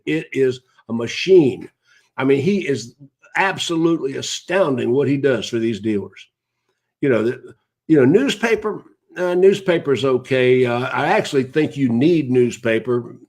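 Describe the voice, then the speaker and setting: A man's voice: medium pitch, darkish tone, husky. A man, hosting a live broadcast in a casual, rambling way and greeting viewers by name as he goes.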